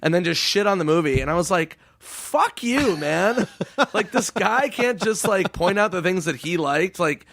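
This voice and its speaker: A man chatting as a comedy guest on a podcast, telling stories with lots of swearing, fillers and animated bursts. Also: sits high, a little fast, hardly any pauses, no room sound, clean studio sound. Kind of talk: casual podcast chat.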